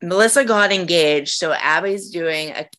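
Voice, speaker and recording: A woman co-hosting a podcast in casual chat, asking questions and adding quick agreeing asides. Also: on the low side, a bit bright. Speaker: podcast co-host.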